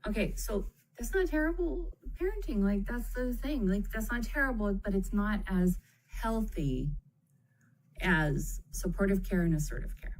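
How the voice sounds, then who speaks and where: A woman's voice: medium pitch, expressive, normal speed, low-quality recording. A woman teaching about parenting in a live video, talking conversationally, checking in with her listeners and speaking with empathy. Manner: conversational, checks in with frequent "okay?"; warm, empathetic phrasing, calls children "kiddo". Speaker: parenting educator. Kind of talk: live-streamed explanatory talk.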